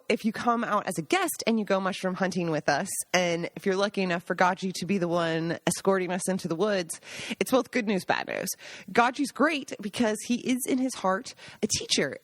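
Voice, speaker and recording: A woman hosting a podcast tells casual, animated stories in a chatty way. Her voice sits in a middle range and sounds dry and close. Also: medium pitch, no echo. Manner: chatty, animated, laughing anecdotes. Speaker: podcast host. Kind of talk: casual storytelling.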